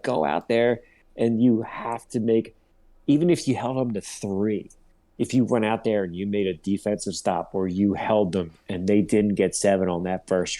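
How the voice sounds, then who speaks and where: A man co-hosting a casual sports podcast, ranting in a profane, rambling, animated way. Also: fairly low pitch. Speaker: podcast co-host.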